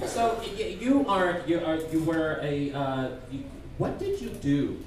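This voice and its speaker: A man doing a stand-up roast while sick, rambling and halting in a self-deprecating way on a comedy club stage. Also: a little high, expressive, slight background noise. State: sick, congested. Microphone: stage mic at a distance. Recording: echoey stage from far off, crowd laughter.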